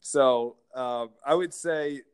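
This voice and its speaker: Man, interview guest, lively storyteller, mid-pitched voice. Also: takes it slowly, clean tone. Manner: animated anecdotes, playful mimicking of others. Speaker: real estate brokerage founder, guest.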